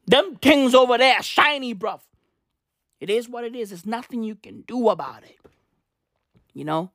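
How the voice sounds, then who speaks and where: A man's voice: very high-pitched, a bit bright, dry recording, clean studio sound. A man ranting comedically and profanely, full of slang and repeated rhetorical questions. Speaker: vlogger. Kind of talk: comedic rant. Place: in South Africa.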